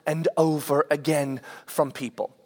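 A man's voice: on the high side, fairly even intonation, a little slow. A man in his forties, a pastor telling a funny family story in a sermon, acting out the scenes with quoted voices and poking fun at himself. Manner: self-deprecating humor.

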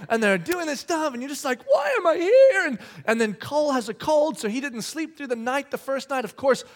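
A man in his thirties delivers a sermon in a strikingly high voice. He talks conversationally, often restarting his sentences, and acts out each bit of quoted dialogue as he tells his stories. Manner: animated storytelling, acting out quoted dialogue. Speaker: pastor.

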